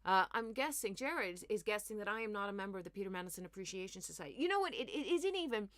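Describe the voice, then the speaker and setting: A woman's voice: medium pitch, rapid-fire, dry recording, clean studio sound. A woman hosting a comedy news show, ranting and joking about politics while answering viewers' comments and slipping into mocking impressions. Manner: animated, mocking, slips into mimicking voices. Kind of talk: comic news commentary with chat replies.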